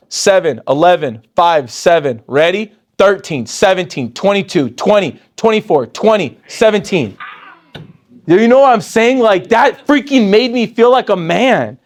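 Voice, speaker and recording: A man in his forties giving an energetic motivational sales training talk, jumping up in pitch when excited and dropping low to quote others. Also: moderate pace.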